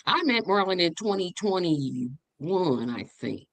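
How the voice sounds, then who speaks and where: A woman hosting a memorial livestream, telling stories with animated, rising quotes. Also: slow, no room sound. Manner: animated storytelling, voice jumps high when quoting. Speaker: podcast host. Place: online stream.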